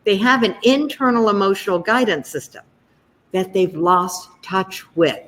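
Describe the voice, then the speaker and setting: A woman's voice: mid-range voice, lively intonation, measured pace, a bit bright. Emphatic woman guest in a reverberant room. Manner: emphatic and explanatory, stressing key points. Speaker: guest author. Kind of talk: conversational advice.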